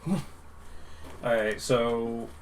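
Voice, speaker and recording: A man narrating as game master of a tabletop game, relaxed and quick to laugh. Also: mid-range voice. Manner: relaxed, laughs often, lively delivery. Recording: voice a bit off-mic, faint background hiss.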